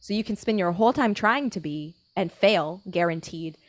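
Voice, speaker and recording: A woman's voice: lowish voice, animated, normal speed, dry recording. A woman talking earnestly as a podcast guest in a casual faith conversation, with frequent filler words.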